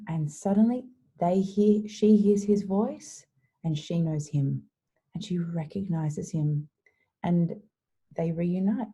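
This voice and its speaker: A woman's voice: on the low side, dark tone, slightly rough. A young woman casually retelling a scripture story for a devotion, chatty and full of fillers. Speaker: devotion leader.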